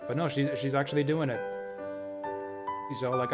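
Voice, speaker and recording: A man's voice: mid-range voice, fairly even intonation, moderate pace, pauses often, loud music behind the voice. A man streaming a video game, chatting casually and wryly thinking aloud as he plays. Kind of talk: casual let's-play commentary.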